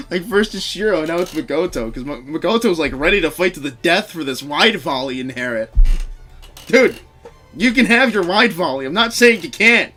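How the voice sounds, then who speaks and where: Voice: medium pitch, expressive, moderate pace, sharp tone, faint music behind. A game streamer chatting casually on a live stream, rambling and swearing while answering chat, often breaking into laughter. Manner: frequent laughter.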